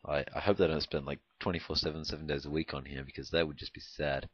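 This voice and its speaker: A young man from Canada talks over his gameplay with a rumbling, very low voice. He rambles, hesitates and fills gaps with ums and likes. The recording is dry and dull, like a cheap home mic. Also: steady tone, quick pace, slightly rough, no echo. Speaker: gameplay commentator. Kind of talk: rambling casual gameplay commentary.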